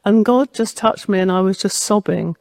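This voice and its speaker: A woman preaching a sermon at a medium pitch, sharing a personal story as if talking to friends. Her voice is close and dry, with almost no room sound. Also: normal speed, gravelly, a little mellow, dry recording. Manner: personal storytelling, conversational and direct.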